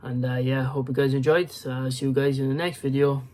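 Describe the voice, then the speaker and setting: A man talks through his fight picks in a loose, rambling way, circling back on himself and filling gaps with ums and likes. He sounds tired and keeps yawning as he goes on, his voice sitting at an ordinary middle pitch. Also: level tone, brisk, darkish tone, slight background noise. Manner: rambling with many fillers and restarts. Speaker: MMA prediction channel host. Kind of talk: casual fight-prediction commentary.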